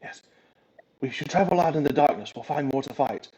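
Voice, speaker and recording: A man's voice: fairly high pitch, fairly quick, warm tone, breathy edge, low-quality recording. A man voicing a battle-hungry talking shield that boasts and pushes for a fight. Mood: eager.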